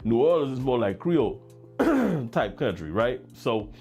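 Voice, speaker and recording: A man's voice: mid-range voice, sing-song, unhurried, dark tone, slightly rough. Laid-back Louisiana man chatting on a livestream. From Baton Rouge, Louisiana. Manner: laid-back, chatty, reads chat comments aloud with frequent laughs. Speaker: fragrance livestream host. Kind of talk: casual livestream chat.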